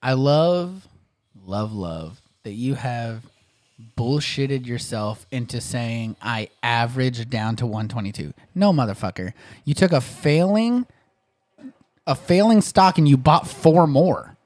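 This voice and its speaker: A man's voice: mid-range voice, animated, slow pace, a little mellow, no echo. A man co-hosting a casual podcast, teasing his friends and swearing freely. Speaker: podcast co-host. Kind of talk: casual chat. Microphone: studio mic.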